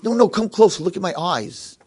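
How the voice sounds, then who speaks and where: A man voicing a miserable, cranky blind old man in a nursing home, shouting in a high, strained voice. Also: lively intonation, fairly quick, slightly rough. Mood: angry shouting.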